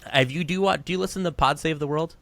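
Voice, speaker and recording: A man's voice: fairly high pitch, fast talker, creaky, no room sound. A young man co-hosting a podcast in casual, joking chat. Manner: chatty, joking, lively. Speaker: podcast co-host.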